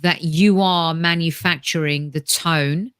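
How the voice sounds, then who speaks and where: A woman's voice: low-pitched, fairly even intonation, slow, clean tone, no echo. A woman guest chatting on a podcast. She rambles and restarts her sentences often. The sound is dry and close to the mic. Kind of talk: casual chat.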